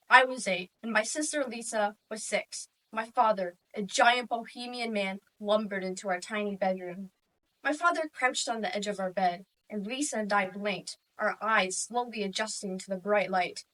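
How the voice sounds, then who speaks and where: A student competitor with a slightly high voice, speaking at normal speed, performs a humorous interpretation piece in a wry, deadpan style. Her voice sounds distant from the mic.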